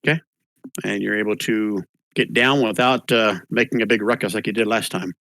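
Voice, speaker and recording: A man's voice: lowish voice, brisk, no echo. A man narrating as game master of a tabletop game, calling for rolls and describing the scene. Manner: relaxed narration with small restarts, calls for rolls.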